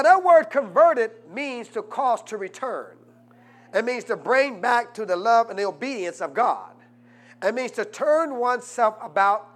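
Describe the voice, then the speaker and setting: A man pastor preaching a sermon and drawing answers from the congregation, swinging from quiet asides to loud, fervent peaks. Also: very high-pitched. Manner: rises to loud preaching, asks congregation "what?". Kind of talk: call-and-response sermon.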